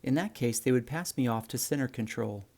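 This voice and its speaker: Brief: a male flight instructor with a warm, gravelly voice, explaining in an easygoing way. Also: medium pitch, a little fast. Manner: relaxed, friendly explaining, addresses viewers as guys. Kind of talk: instructional narration.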